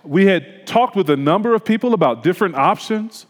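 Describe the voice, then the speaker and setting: A pastor preaching a sermon, telling a personal story in a conversational, reflective way. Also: male voice, sits high, expressive, brisk, long reverb tail.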